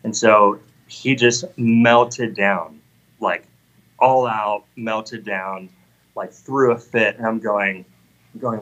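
A man's voice: fairly low pitch, steady tone, slow, fairly bright tone, highs cut off. Earnest man sharing a faith testimony. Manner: earnest, heartfelt storytelling. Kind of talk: personal faith testimony in conversation.

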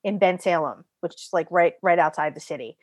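A middle-aged woman co-hosting a casual podcast chat, chatty and expressive, laughing often. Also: on the low side, a little fast, no room sound. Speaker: podcast co-host.

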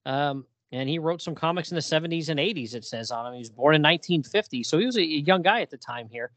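Animated man chatting on a podcast. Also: fairly high pitch, fast talker, no room sound. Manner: animated, laughing, lots of fillers. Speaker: podcast co-host. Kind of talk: casual chat about comics.

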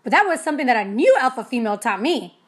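Blunt, high-voiced woman, profane and animated. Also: quick pace. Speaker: energy healer and small business owner. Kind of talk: casual motivational monologue.

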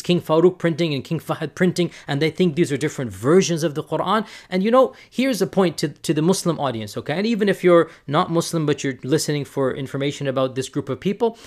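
A man who preaches and teaches, giving an impassioned direct-to-camera rebuttal. He stresses points by repeating words. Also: a little high.

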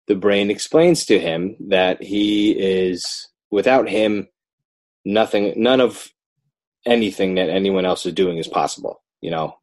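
Deep-voiced man, animated and dry. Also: no room sound. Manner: animated, self-interrupting, rising emphasis. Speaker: children's book author, guest. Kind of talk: casual interview talk.

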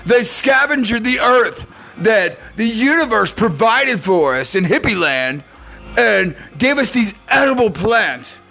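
A man voicing his boastful roommate back from California, bragging in a drawn-out, condescending way. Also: sits high, sing-song, gravelly, bright, forceful tone, soft background music, full character voice. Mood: smug.

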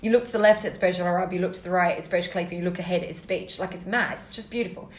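A woman co-hosting a casual chat podcast, animated and exclaiming, laughing and swearing mildly. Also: on the low side, rapid-fire. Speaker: podcast co-host. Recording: echoey room.

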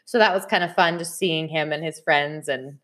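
A woman's voice: low voice, moderate pace, a bit bright. A woman hosting a podcast, chatting casually and telling stories straight to her listeners, often breaking into laughter. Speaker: podcast host. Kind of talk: casual chat.

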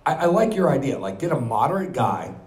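A man in casual political chat, agreeable and hedging, with halting restarts. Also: medium pitch, big pitch swings, darkish tone, roomy sound.

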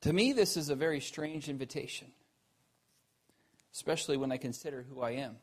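A man preaching a sermon, earnest, asking the listeners questions, rising to emphatic peaks and then dropping low and quiet. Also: a little fast, breathy edge.

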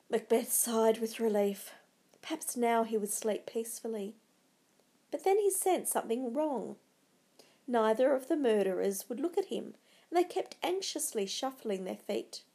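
A woman narrating a storybook in a dramatic, measured way. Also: a little high, expressive, warm tone.

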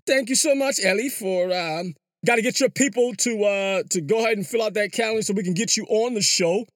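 A man's voice: high-pitched, a little fast, fairly bright tone, dry recording, studio quality. A man hosting his own podcast, talking casually and loosely, full of "yo" and restarts, from a small enclosed booth. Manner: loose and rambling, peppered with "yo" and restarts. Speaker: podcast host. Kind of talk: casual solo commentary. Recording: clear background music.

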